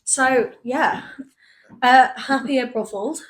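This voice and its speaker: A young woman with a voice pitched a little high. She co-hosts a podcast in casual comedic chat, full of playful, giggly banter. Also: slow pace, fairly bright tone. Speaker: podcast co-host.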